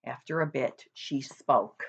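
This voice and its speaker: Low, husky woman reading a storybook. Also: slow pace, highs cut off. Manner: expressive, shows pictures to listeners. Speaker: storybook reader. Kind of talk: reading a children's book aloud.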